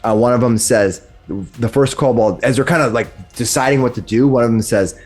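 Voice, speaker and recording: Game master, male, mid pitch, rambling, self-correcting narration. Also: normal speed, few pauses, darkish tone, soft background music. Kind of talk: running a tabletop game.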